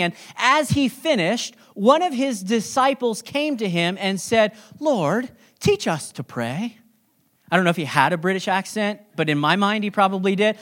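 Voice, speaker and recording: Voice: mid-range voice, a bit bright. A pastor preaching a sermon in a conversational, joking way, with sudden emphatic stresses.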